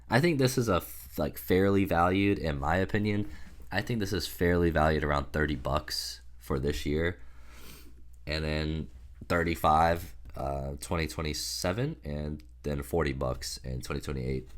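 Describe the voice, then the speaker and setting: Very deep-voiced sick man vlogging. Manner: loose, rambling, many fillers. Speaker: stock investing vlogger. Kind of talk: casual portfolio update to camera.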